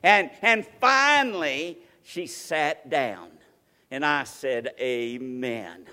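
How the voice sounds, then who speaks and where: Preaching man with high, echoing voice. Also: sing-song, slow pace. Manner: storytelling with acted-out quotes, dynamic swings from loud to hushed. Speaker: pastor. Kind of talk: sermon. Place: church sanctuary.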